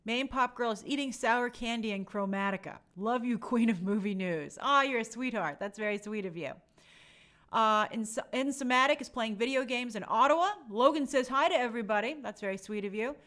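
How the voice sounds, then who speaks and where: Brief: young adult woman, slightly high voice, casual chatty live-stream host reading viewer shout-outs. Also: brisk. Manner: chatty, friendly, reads names aloud.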